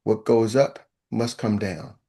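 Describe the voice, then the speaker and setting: A man's voice: lowish voice, steady tone, takes it slowly, gravelly, dark tone. An older man coaching salespeople with punchy, chant-like, repeated exhortations. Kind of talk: motivational coaching talk.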